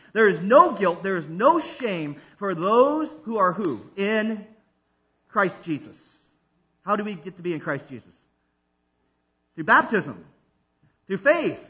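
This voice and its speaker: A pastor preaches a sermon, calling for responses from the congregation and swinging between loud and hushed delivery. His voice sits high and is slightly rough, and the audio is dull.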